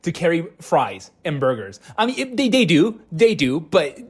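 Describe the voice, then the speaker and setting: A man's voice: fairly high pitch, big pitch swings, normal speed, slightly rough. A man in his twenties giving casual reaction commentary, blunt and exasperated, stumbling over restarts as he rants. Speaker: YouTube commentator.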